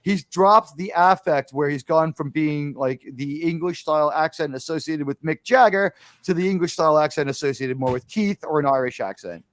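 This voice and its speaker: A man hosting a casual podcast chat about films, telling scenes in a lively, rambling way with lots of fillers and restarts. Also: on the high side, normal speed, hardly any pauses, no room sound. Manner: animated storytelling, acting out movie lines. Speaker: podcast host. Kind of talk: casual film discussion.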